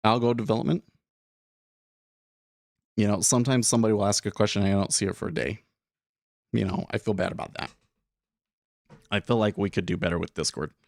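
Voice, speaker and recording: A young man chats loosely on a live trading stream, rambling and restarting his sentences as he thinks aloud. His voice sits on the low side, and the sound is dry and close with no room around it. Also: fairly quick, creaky, long pauses, darkish tone, no room sound. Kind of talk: casual live-stream commentary.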